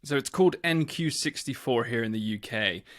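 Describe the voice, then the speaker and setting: A man co-hosts a podcast. His voice sits in a middle pitch, and he tells stories in a loose, animated, chatty way. He speaks into a podcast microphone. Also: normal speed. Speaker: podcast co-host. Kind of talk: casual podcast chat.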